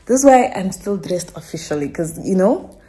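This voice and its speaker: A woman's voice: fairly low pitch, animated, normal speed, dark tone, soft background music. A young Namibian woman with a Namibian accent, talking to camera at home in an emotional, rambling vlog. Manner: emotional, rambling, fillers and restarts. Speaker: vlogger. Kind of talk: casual vlog talk to camera. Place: at home indoors.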